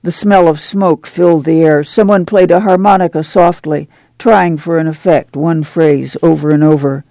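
A male audiobook narrator with a gravelly, mellow voice, pitched a little high. He reads in a measured, unhurried way. The recording is close and dry. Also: steady tone, no room sound. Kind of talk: scripted narration.

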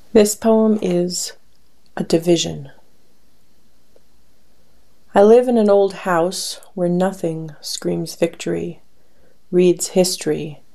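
Slow gravelly woman reading poems. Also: fairly low pitch, dark tone, rough recording. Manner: slow, measured recitation with pauses. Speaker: poetry reader.

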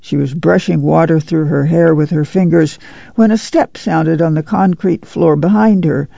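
A man with a strongly gravelly, dark voice reads a novel aloud in a measured, unhurried way. His voice sits a bit high for a man. The recording is dry and slightly dull. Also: dry recording. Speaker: audiobook narrator. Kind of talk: scripted novel narration.

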